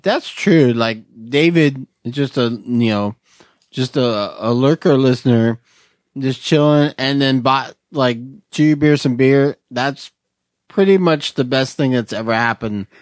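A man hosting a podcast, relaxed and quick to laugh. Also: mid-range voice, no room sound, clean studio sound. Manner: relaxed, laughs easily, drawn-out remarks. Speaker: podcast host. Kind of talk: casual podcast chat.

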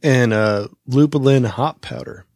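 A man's voice: mid-range voice, a little slow, creaky, darkish tone, dry recording. Male co-host, casual, matter-of-fact, dry sound. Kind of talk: casual chat.

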